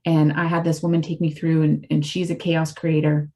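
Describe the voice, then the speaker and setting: Earnest, lower-voiced middle-aged woman. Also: little pitch movement, normal speed, dark tone. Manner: earnest, confessional, rambling. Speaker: recovery community speaker. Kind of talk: candid personal testimony.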